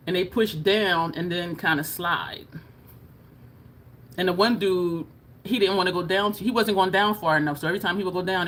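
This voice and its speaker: A woman's voice: lowish voice, fairly bright tone, slight background noise. A woman vlogging to camera in a casual, chatty way, laughing often and showing her jaw as she talks. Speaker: beauty vlogger.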